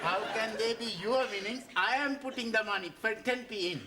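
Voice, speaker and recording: A man's voice: high voice, a little fast, heavy background noise, close to an everyday voice. An actor playing a haughty, quarrelsome bearded male student who trades insults. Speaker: evening-class student.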